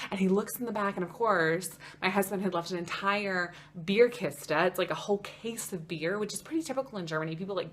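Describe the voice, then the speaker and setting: A young American woman telling a story in a casual vlog, chatty and animated, with lots of "like" in her speech. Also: mid-range voice. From United States. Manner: chatty, animated, heavy use of "like". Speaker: vlogger.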